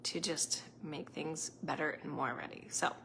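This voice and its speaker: A woman's voice: low voice, steady tone, unhurried, fairly bright tone, slight background noise. A woman hosting a casual live stream as a psychic medium at home, close to the camera, rambling and chatty and laughing often.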